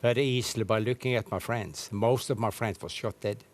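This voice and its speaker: A man's voice: lowish voice, brisk. A middle-aged man, telling his life story earnestly as a guest in a TV studio interview. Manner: earnest storytelling with slightly non-native English. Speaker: evangelist guest. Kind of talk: personal testimony in a studio interview.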